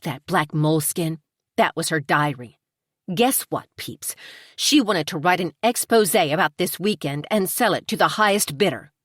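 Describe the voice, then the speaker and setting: A spoiled young starlet, read by a woman narrator, haughty and dismissive. The voice sits low and close in a dry audiobook recording. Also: lively intonation, normal speed, no room sound. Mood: snide.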